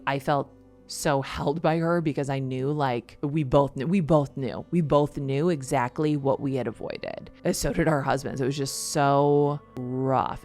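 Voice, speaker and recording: Middle-aged female host with a deep voice; candid, heartfelt monologue that trips over itself. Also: a little mellow. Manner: earnest and confessional, with rushed restarts. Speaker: podcast host. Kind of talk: personal storytelling monologue.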